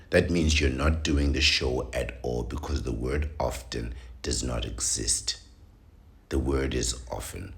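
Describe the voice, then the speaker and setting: A man hosting a show, reading an article aloud and breaking off into opinionated, preachy rants. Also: deep voice. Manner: preachy, rants with rising emphasis.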